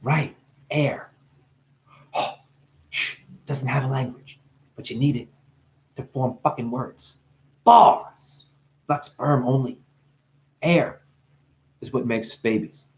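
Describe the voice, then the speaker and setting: A man who is high, talking in a rambling, profane monologue. His voice swings from low mumbling to sudden high exclamations. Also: fairly even intonation, slow, long pauses. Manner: profane, playful. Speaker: spiritual video maker.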